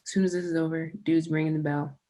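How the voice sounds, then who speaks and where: A young woman on a podcast as a guest, chatting casually and telling animated stories full of swearing. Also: low voice, fast talker. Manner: animated, profane storyteller. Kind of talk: casual chat.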